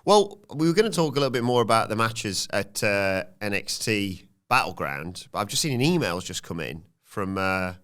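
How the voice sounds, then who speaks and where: A man's voice: on the low side, big pitch swings, moderate pace, few pauses, fairly bright tone, clean tone. A man co-hosting a podcast in casual chat, teasing and dry. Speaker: podcast co-host.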